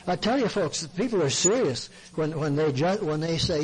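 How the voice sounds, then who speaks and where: Folksy man, somewhat high voice, earnest sermon-style counseling talk. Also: normal speed, few pauses, husky, poor audio. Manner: earnest, folksy, acts out what people say to him. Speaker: Christian counselor speaking to men. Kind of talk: plain-spoken sermon talk.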